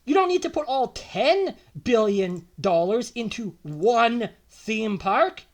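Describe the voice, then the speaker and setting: A man's voice: extremely high pitch, lively intonation, takes it slowly. A young man from Alberta delivering a heated, emotional political rant, repeating himself and turning sarcastic. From Alberta, Canada. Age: young adult. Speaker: political vlogger.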